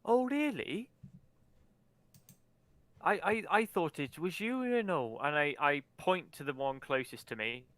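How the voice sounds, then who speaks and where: A man's voice: a little high, lively intonation, unhurried, long pauses, fairly bright tone, no room sound. A man playing a character at a tabletop game, hesitant and apologetic with stammered restarts. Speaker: player.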